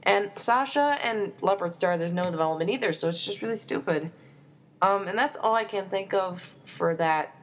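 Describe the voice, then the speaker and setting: A young woman vlogging a fan opinion rant, excitable and exasperated, with lots of fillers. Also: medium pitch, moderate pace.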